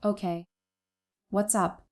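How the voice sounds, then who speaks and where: A woman's voice: medium pitch, flat delivery, slow, close to an everyday voice. Woman reading as a stunned, hurt husband. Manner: quiet, shaken questions.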